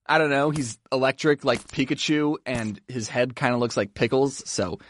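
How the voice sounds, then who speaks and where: A man's voice: medium pitch, steady tone, normal speed, a little hiss or hum. A man giving jokey, playful narration over his video game playthrough, often talking to his characters. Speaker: gaming YouTuber. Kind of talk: comedic gameplay narration.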